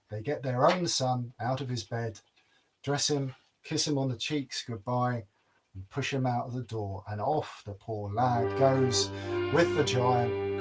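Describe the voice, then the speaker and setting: A man telling a folk tale with a playful, wry, dramatic delivery. His pitch sits in an ordinary middle range. Faint instrumental music plays behind him. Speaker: storyteller. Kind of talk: oral folk-tale storytelling.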